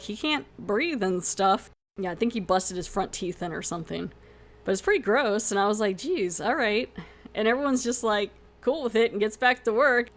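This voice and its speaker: A young woman hosting a podcast who animatedly retells a TV episode, acting out the lines and often laughing. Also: medium pitch. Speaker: podcast host. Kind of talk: casual episode recap review.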